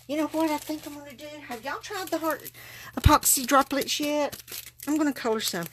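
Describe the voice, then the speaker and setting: A woman's voice: high voice, a little fast, fairly bright tone, a little hiss or hum. A woman chatting folksily to viewers as she demonstrates card making live from her craft table. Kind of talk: live-stream craft demo.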